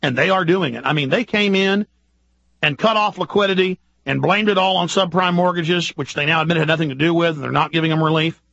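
A man hosting a radio talk show, delivering an urgent, ranting political monologue full of rapid-fire rhetorical questions. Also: a little high, creaky, a bit bright, dry recording, highs cut off. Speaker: radio host.

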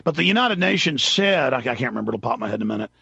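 Gravelly man hosting a call-in radio show. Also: mid-range voice, sing-song, racing, bright, forceful tone, no room sound, dull audio. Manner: rambling, loses his train of thought mid-sentence. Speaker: radio talk show host.

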